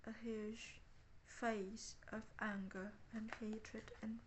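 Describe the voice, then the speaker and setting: A woman talking haltingly in a personal diary vlog, often searching for words. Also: on the high side, level tone, slight background noise. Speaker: vlogger.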